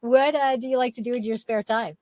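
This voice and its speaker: A woman's voice: on the high side, fairly even intonation, brisk, darkish tone, no room sound. A woman co-hosting a podcast interview, chatting casually and telling stories with easy laughter. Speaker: podcast co-host.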